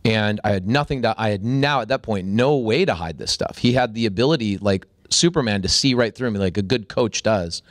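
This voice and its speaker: A man talking as a podcast guest, telling a story with energy and jumping into high, excited voices when he acts out what people said. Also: a little fast, hardly any pauses, dry recording, clean studio sound. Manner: acts out quoted dialogue with sudden high-pitched bursts. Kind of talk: animated storytelling in conversation.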